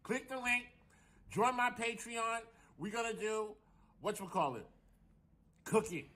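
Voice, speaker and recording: A man with a high, sharp and bright voice talks straight into the camera in a chatty vlog. He addresses his viewers directly and stretches out his words. His delivery is loose and conversational. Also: measured pace. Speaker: vlogger. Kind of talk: casual vlog announcement.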